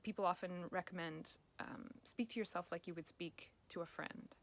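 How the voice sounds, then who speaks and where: A woman life coach giving gentle, encouraging self-help advice straight to the viewer. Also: lowish voice, fairly even intonation, moderate pace.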